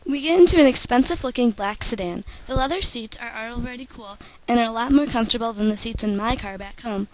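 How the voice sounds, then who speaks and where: Teenage girl, student author, reads own story, steady narration, fairly high voice. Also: fast talker, hardly any pauses, crowd noise, rough recording. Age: teens. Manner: steady first-person storytelling. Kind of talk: reading her own story aloud.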